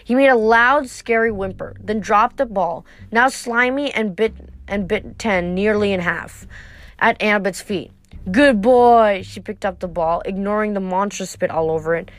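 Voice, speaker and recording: A woman's voice: medium pitch, moderate pace, a bit bright. A woman reading a novel aloud, sometimes stumbling and restarting a word. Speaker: reader.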